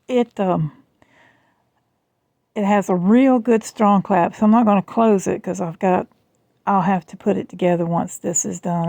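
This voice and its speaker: Chatty Southern woman, gravelly voice. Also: medium pitch, dark tone, no room sound. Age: middle-aged. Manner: chatty, rambling, self-deprecating. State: strained, rough voice. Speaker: jewelry vlogger. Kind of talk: casual chat. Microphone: phone camera.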